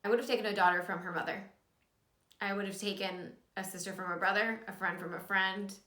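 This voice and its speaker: A woman's voice: mid-range voice, fairly even intonation, a little fast, sharp tone. A young woman vlogging in a casual, earnest way, talking emotionally and holding back tears. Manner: casual, many likes and you guys. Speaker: vlogger and author. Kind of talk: personal confessional vlog. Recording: roomy echo.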